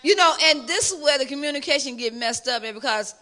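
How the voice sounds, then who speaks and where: A middle-aged woman with a Chicago accent, the pastor's wife, answering questions in a lively, animated way in a church discussion. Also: high-pitched, fast talker. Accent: Chicago African American English. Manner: lively, animated storytelling with laughter.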